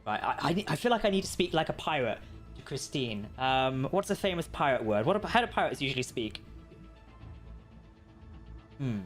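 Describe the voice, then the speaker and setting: A man's voice: mid-range voice, big pitch swings, normal speed, long pauses, soft background music. A man hosting a livestream of a video game, chatting casually and laughing often. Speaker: community manager hosting a livestream.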